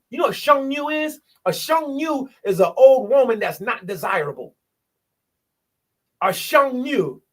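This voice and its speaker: Man, high-pitched, animated casual preacher on a video call, leans on rhetorical questions. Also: husky. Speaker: bible study speaker.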